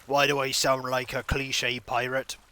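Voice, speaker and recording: Guy streaming a game, goofy rambly tangents, bright voice, mid pitch. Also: completely flat delivery, unhurried. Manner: rambling, jokey, self-mocking asides. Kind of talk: casual gaming stream commentary.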